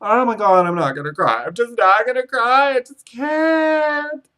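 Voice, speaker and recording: A man doing a squeaky overwrought crybaby. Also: a little slow, sharp tone, full character voice. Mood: melodramatic. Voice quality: high squeaky mock voice. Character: overwrought man fighting back tears.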